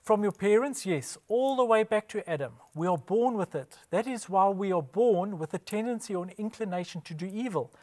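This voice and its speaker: A man's voice: high-pitched, lively intonation, brisk, hardly any pauses, a little mellow. A man giving a scripted religious presentation, emphatic, posing rhetorical questions and answering them himself. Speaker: Bible presenter.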